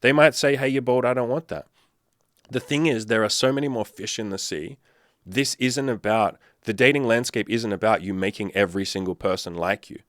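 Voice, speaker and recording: Aussie-sounding guy, lowish voice, blunt and sweary, dry close sound. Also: fairly quick, a bit bright, no echo. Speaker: dating coach. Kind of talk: casual commentary to camera.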